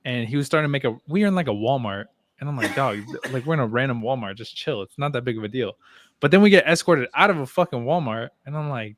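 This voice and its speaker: Young male podcast co-host, relaxed storyteller, profane, dead-dry room. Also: medium pitch, fast talker, dry recording. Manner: laid-back, laughs while telling stories, swears freely. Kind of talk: casual chat, storytelling.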